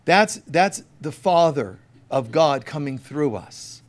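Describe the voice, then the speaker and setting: A man's voice: fairly high pitch, lively intonation, slow. A man preaching a conversational sermon as a spiritual teacher, emphatic and storytelling, talking straight to his listeners. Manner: emphatic, direct address to listeners.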